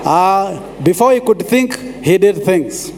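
A man preaches a sermon, his voice pitched high for a man. He pauses often and repeats phrases to drive a point home. The sound carries a long reverb from a large hall. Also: expressive, a little mellow, slight background noise. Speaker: pastor.

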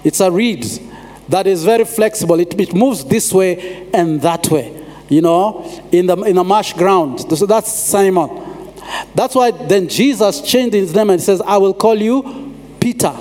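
Man, pastor preaching, high voice, repeats phrases, long hall reverb. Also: a little mellow. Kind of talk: sermon.

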